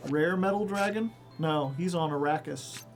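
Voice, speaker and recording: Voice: mid-range voice, moderate pace, faint music behind. A streamer giving casual, rambling commentary on a card game, joking and laughing often.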